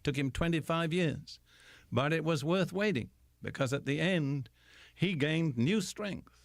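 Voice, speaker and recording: An older man giving a radio Bible teaching, slow and deliberate, with emphatic pauses. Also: a little high, no room sound, clean studio sound.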